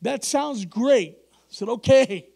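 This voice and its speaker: A man preaching in an animated way, his voice sitting high for a man. He acts out the people in his story and breaks into laughs as he goes. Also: normal speed. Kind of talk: sermon storytelling.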